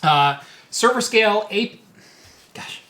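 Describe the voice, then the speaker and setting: A male host chatting on a casual live stream, his voice bright and a little high. He rambles, restarts his sentences and keeps coaxing the viewers to chip in. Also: lively intonation, takes it slowly. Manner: chatty, stumbling over words, asks viewers for donations.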